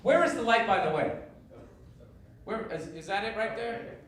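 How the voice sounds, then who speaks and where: A man's voice: high voice, animated, moderate pace. A male stand-up comedian ranting in a sarcastic, profane way on stage before a laughing audience. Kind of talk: stand-up routine. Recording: echoey distant live stage recording, loud noise.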